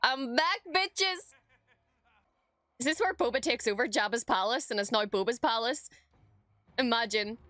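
A woman's voice: on the high side, measured pace, long pauses, fairly bright tone, dry recording. A woman streamer reacting to a show, gushing and breathless, swearing freely and stammering when overwhelmed. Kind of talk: excited reaction commentary.

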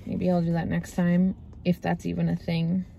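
A woman's voice: on the low side, completely flat delivery, moderate pace, creaky, highs cut off, slight background noise. A young woman from Canada chatting casually to her vlog camera from her car, laughing often and trailing off. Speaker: vlogger.

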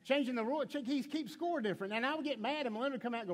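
High-voiced preaching man, big hall echo. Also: rapid-fire. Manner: conversational preaching, stammering restarts, rhetorical questions; playful storytelling with acted quotes. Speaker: pastor. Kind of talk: sermon. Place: church sanctuary.

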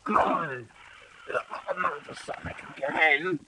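A man's voice: on the high side, takes it slowly, sharp tone, slight background noise, rough recording. A man voicing a goofy, easily upset male movie star in an improvised comic voice-over, with whiny, exaggerated complaints. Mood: silly.

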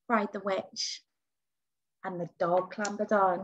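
A woman teacher reading a picture book aloud to children, with big leaps in pitch on key words. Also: level tone, slow pace, long pauses, a little hiss or hum.

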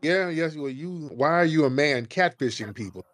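A man's voice: a little high, expressive, normal speed, a bit bright, dry recording. A man hosting a call-in radio show, blunt and mocking, with a profane, confrontational way of talking.

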